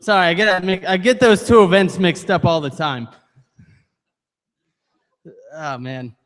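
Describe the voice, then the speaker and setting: A man's voice: high voice, unhurried, pauses often, fairly bright tone. A man hosting a cafe open mic, rambling and joking crudely between acts in a live venue. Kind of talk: joking stage banter. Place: cafe performance space. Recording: hall reverb from live venue.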